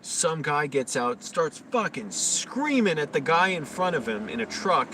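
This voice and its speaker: A man's voice: a little high, big pitch swings, measured pace. Rambling man on a live stream. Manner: rambling, loose talk full of fillers. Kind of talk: casual live-stream chat. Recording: slightly distant mic, faint noise.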